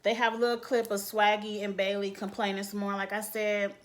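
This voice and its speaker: A woman's voice: medium pitch, fairly quick. Sassy woman recapping reality TV. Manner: sassy, animated, quotes cast members. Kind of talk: casual recap commentary.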